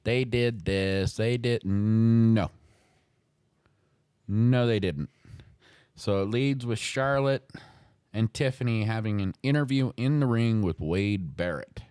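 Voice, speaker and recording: A man's voice: lowish voice, slow pace, pauses often, a little mellow, clean tone, dry recording. A man hosting a talk show, ranting in a heated, profane way about a wrestling feud. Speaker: podcast host. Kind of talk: heated wrestling commentary chat.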